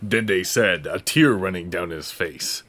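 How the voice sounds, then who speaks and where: A man narrating a comedic fan-fiction reading as podcast host, in a wry, deadpan manner. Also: sits low, a little slow.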